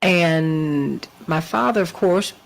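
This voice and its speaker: A woman hosting a radio talk show, telling stories with lively, rising delivery. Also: takes it slowly, creaky, poor audio. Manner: animated storytelling, rising pitch in quotes. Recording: radio broadcast.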